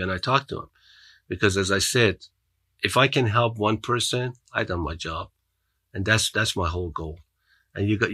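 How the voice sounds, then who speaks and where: Accented male guest, earnest motivational storyteller, low and forceful. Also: dry recording. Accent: foreign accent. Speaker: podcast guest. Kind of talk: storytelling in an interview.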